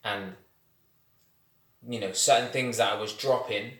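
A man telling stories in a casual podcast chat, animated and quick to laugh. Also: fairly low pitch. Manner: animated, laughs often, slangy storytelling. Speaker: podcast guest. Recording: echoey room.

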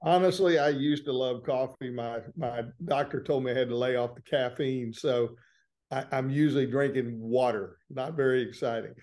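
A man with a Southern accent from Florida speaks in a relaxed, plain-spoken way. He tells stories about his courtroom work like a guest in an informal interview, at an ordinary middle pitch. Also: normal speed. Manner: easygoing, plain-spoken storytelling. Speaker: trial lawyer guest. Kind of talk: casual interview.

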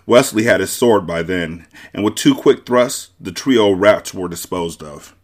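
A man with a low voice reads a novel aloud for his book club podcast. He tells the story in a measured, steady way.

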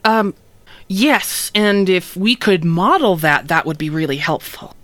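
An easygoing alien mother who sees herself as more of an aunt, hesitant and apologetic, leaning on fillers, as a player voices her in a tabletop game. The voice is mid-pitched and dry. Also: animated, unhurried, a bit bright, no room sound. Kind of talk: tabletop role-play.

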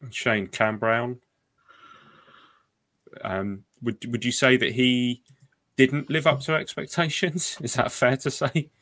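A man's voice: mid-range voice, steady tone, slow pace, pauses often, a bit bright. A man hosting a sports podcast, steering the talk and putting questions to his co-hosts. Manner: leads talk, passes questions to others. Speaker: podcast host. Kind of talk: casual sports chat.

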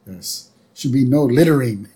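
A man's voice: mid-range voice, moderate pace, dark tone. A man co-hosting a podcast, casually narrating plot beats of a cartoon episode. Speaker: podcast co-host.

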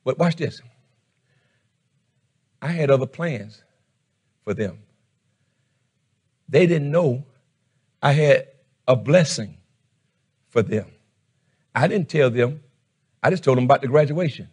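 A middle-aged man preaching a fervent sermon as pastor, shouting one moment and dropping low the next. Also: expressive, slow pace, long pauses, slightly rough.

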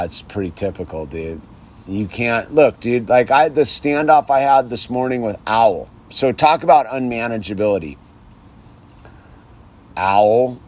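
A man with a somewhat low voice, talking loosely and off the cuff outside in his yard. He wanders from thought to thought in a casual monologue and caps his lines with "dude" or "man.". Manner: loose and rambling, says "dude" constantly. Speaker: vlogger speaking on sobriety and faith. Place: outdoors in a home yard.

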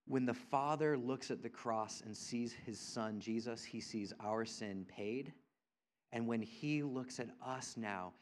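A man preaching a sermon as a pastor, earnest and repetitive for emphasis, moving between hushed tender lines and loud emphatic ones. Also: on the high side. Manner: earnest, repeats phrases for emphasis.

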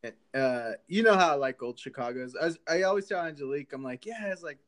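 A man's voice: on the high side, lively intonation, fast, a bit bright. A young man in casual chat, easygoing and slangy, with lots of likes.

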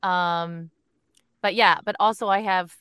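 A woman's voice: lowish voice, fairly even intonation, slow pace, sharp tone, smooth. A woman voice actress speaking on a panel in a playful, chatty way. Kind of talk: panel discussion.

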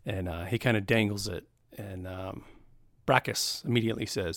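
A man's voice: on the low side, normal speed, a bit bright, dry recording, clean studio sound. A young man narrating a tabletop game as dungeon master, casual and rambling with many fillers.

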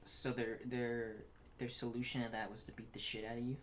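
A man's voice: medium pitch, little pitch movement, a little fast, slight background noise. A young man co-hosting a podcast in casual chat, making wry, teasing remarks. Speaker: podcast co-host.

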